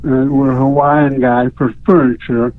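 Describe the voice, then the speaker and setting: A man calling in to a radio show, speaking candidly and haltingly with frequent stammers. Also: mid-range voice, level tone. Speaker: caller. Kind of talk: call-in radio conversation. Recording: phone line.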